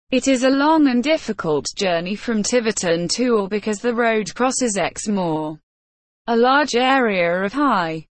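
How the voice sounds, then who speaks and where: A woman reading a storybook aloud in a slow, measured, plain manner. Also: mid-range voice, dry recording. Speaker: narrator.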